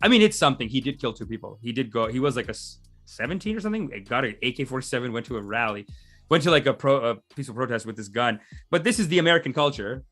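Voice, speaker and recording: A man's voice: medium pitch, expressive, quick pace, a bit bright, faint music behind. A man hosting a livestream, giving casual, rambling commentary and laughing often. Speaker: livestream host.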